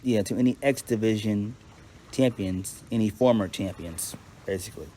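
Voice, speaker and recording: A man's voice: fairly low pitch, moderate pace, mellow, slight background noise. A man giving a casual, unscripted recap as a reviewer, blunt and profane, often restarting his sentences. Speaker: wrestling show reviewer.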